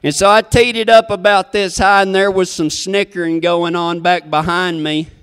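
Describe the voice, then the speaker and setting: A man's voice: high-pitched, little pitch movement, normal speed, fairly bright tone, clean tone, in a large hall. A man telling a comic story in a folksy, rambling, self-deprecating way.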